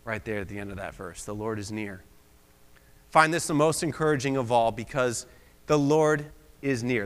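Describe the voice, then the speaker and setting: This guest preacher, a young man from Pennsylvania, talks through his sermon casually, poking fun at himself and adding bits of humor. His medium-pitched voice is smooth and a bit bright, moving at a moderate pace, and the sanctuary's large hall gives a long reverb.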